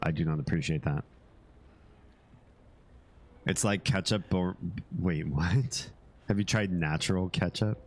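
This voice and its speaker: Brief: low-voiced male streamer, casual and jokey, loose with profanity, faint room hiss behind. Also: steady tone, normal speed, long pauses. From Finland and the United States. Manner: rambling, joking, swears freely. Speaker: game streamer. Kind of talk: casual gameplay stream chat.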